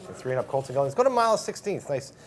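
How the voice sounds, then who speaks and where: A man's voice: mid-range voice, sing-song, slight background noise. A man casually talking through horse racing picks as a handicapper, rattling through each horse's form. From Canada. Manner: quick, conversational, fast breakdown of form.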